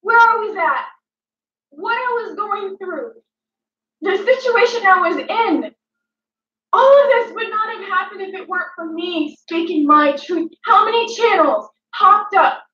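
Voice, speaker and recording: A woman's voice: very high voice, animated, unhurried, pushed and bright, recorded from a distance, slight background noise, heavily acted. A woman playing a dramatic female influencer, ranting emotionally at her critics with repetition and swearing. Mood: defiant. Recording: dull, echoey room, mic set back.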